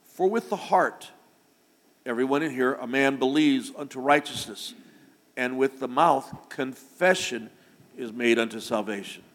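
A man preaching a sermon to his congregation, building to loud, emphatic declarations. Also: mid-range voice, measured pace, big-room sound. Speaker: pastor. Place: church sanctuary.

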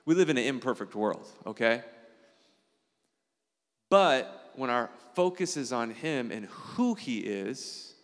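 A male pastor gives a relaxed, conversational sermon at an ordinary middle pitch. He keeps checking in with his listeners through quick tag questions and turns earnest, with sudden leaps up in pitch. His voice carries a long reverb, as though recorded in a church hall. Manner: earnest, animated preaching with sudden jumps in pitch.

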